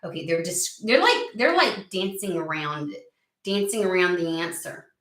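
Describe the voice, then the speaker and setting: A woman giving a casual tarot reading, excitable and profane, who argues back at the cards she draws. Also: fairly low pitch, normal speed, roomy sound, distant mic. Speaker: tarot reader.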